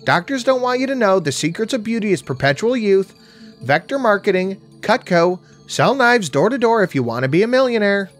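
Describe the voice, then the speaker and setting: A high, eerily human squawk that rants nonstop sales pitches, as a man plays the crow. The male crow is loud and pushy, and his pitch leaps all over the place. It comes from a horror audiobook reading. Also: sing-song, fairly quick, soft background music. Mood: pushy hype.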